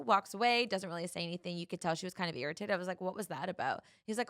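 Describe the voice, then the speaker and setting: A young woman hosts a podcast, animatedly recounting a personal story and mimicking the voices of the people in it. Her voice is gravelly and full of fry, fairly low in pitch, a bit bright, and quick. The recording is close and dry, with no room sound at all.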